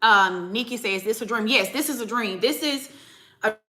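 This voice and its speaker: In an echoey room, a woman with a fairly high, bright, forceful voice speaks at a moderate pace on her spiritual channel. She tells a personal story in a chatty, emphatic way, addressing her viewers directly.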